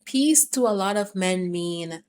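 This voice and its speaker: A woman's voice: medium pitch, lively intonation, unhurried, darkish tone, slight background noise. A woman giving relationship advice in an emphatic, insistent way, repeating her points to drive them home. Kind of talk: advice monologue.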